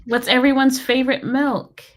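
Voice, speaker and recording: A woman's voice: high voice, flat delivery, normal speed, crowd noise. An American woman hosting a casual livestream. She rambles with lots of fillers and laughter. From United States. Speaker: livestream host.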